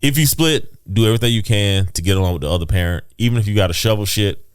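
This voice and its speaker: Dude on a podcast giving earnest dad advice, kinda low voice, dry close sound. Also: male voice, fast, clean tone, dry recording. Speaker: podcast co-host. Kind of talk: casual podcast chat.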